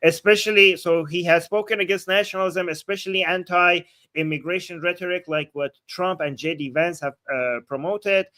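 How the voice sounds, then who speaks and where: A man's voice: high voice, fairly even intonation, moderate pace, few pauses, bright, forceful tone. Sarcastic male political livestreamer. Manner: sarcastic, blunt, frequent restarts. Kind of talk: casual commentary reading and reacting.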